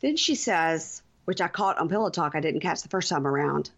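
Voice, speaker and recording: A woman co-hosting a podcast, recapping a show in an animated, storytelling way. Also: sits low, brisk, husky. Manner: animated storytelling, acting out quotes. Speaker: podcast co-host. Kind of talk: casual chat recapping a reality show.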